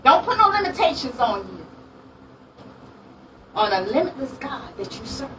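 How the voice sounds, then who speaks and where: A woman, sharing her testimony at a women's conference in a lively, laughing storytelling manner. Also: high-pitched, moderate pace, noisy background. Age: late 40s. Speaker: minister and speaker. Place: conference room with audience. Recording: distant mic, audience sounds.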